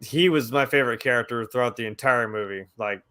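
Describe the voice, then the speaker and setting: Casting note: excited male podcast co-host, loose and casual, mid-pitched. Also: fairly quick, clean tone. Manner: enthusiastic, swears casually, says "like" a lot. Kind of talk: casual chat.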